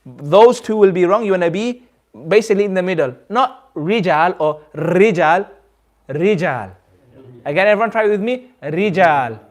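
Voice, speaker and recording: A Quran recitation teacher with a fairly high voice and a British accent leads his class at normal speed. Expressive and patient, he repeats each sound several times and keeps checking whether his students have understood.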